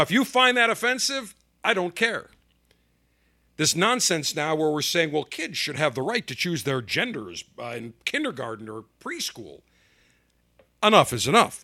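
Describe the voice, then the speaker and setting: A man's voice: on the high side, pushed and bright. A middle-aged man hosting a talk show, giving emphatic, indignant opinion commentary. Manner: emphatic, indignant, punchy delivery. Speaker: podcast host.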